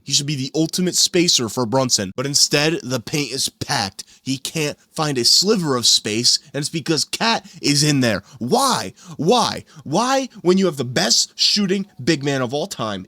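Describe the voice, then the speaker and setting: A man's voice: medium pitch, bright, forceful tone, no echo. Exasperated young man ranting, dry sound. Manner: exasperated, emphatic, repeats himself. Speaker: sports commentator. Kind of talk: ranting fan commentary. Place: at his computer at home.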